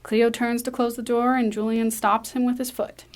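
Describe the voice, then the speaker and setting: A woman reading a screenplay aloud, brisk, with small slips and restarts. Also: a little high, little pitch movement. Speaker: script reader.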